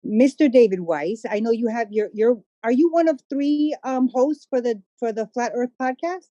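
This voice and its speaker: A woman hosting a podcast interview, asking questions in a relaxed, conversational way with some hesitation. Her voice sits a bit higher than average and sounds dry and close, with no audible room. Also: moderate pace, no echo, dull audio. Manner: conversational, hesitant with fillers and restarts. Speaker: podcast host. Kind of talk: casual interview.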